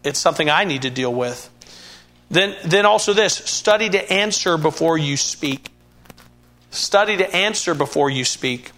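A man's voice: fairly high pitch, lively intonation, moderate pace, bright, forceful tone. A man preaching a sermon in an earnest way, often repeating and restarting words and rising to emphatic bursts.

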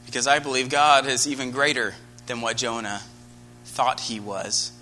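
Soft background music plays as this American preacher, medium-pitched and speaking at normal speed, shares a personal story in his sermon. His earnest storytelling builds in energy, turning animated and loud.

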